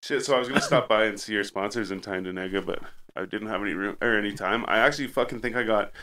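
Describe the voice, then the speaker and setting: A man tells a winding story on a casual podcast, racing from one tangent to the next with plenty of swearing. His voice is bright and forward, and the words tumble out quickly. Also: lowish voice, slight background noise. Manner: rambling, profane, goes off on tangents. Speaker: podcast co-host.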